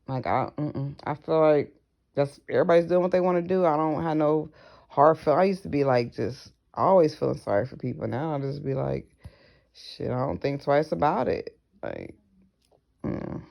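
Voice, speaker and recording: A woman speaks straight to her viewers in a loose, personal vlog. Her voice carries a lot of vocal fry and gravel. She is frank and profane and drops in slangy asides. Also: low voice, moderate pace, muffled recording. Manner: acts out other people's voices in her stories. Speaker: vlogger. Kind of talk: casual personal vlog monologue.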